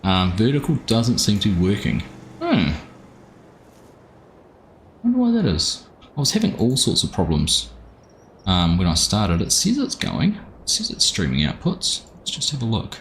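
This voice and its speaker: Chatty New Zealand man, low voice. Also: wildly swooping pitch, moderate pace, long pauses, slight background noise. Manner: chatty, greets viewers by name. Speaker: game streamer. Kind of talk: casual live-stream chat. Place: home room.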